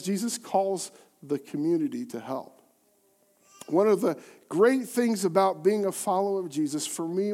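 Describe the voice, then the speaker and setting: A man preaching a sermon as pastor, telling a story dramatically with rhetorical questions and swings between quiet and loud. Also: fairly high pitch.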